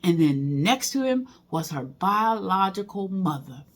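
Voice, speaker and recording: A woman's voice: mid-range voice, animated, measured pace. A middle-aged woman talking casually in a personal vlog, emotional and rambling, with many fillers and restarts. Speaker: vlogger.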